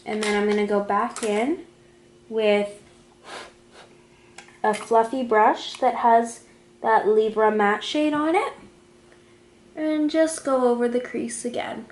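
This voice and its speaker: A woman's voice: a little high, slow, pauses often, a little mellow. Chatty woman vlogger in an echoey room. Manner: chatty, talks through each step while applying makeup. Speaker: beauty vlogger. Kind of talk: casual makeup tutorial narration.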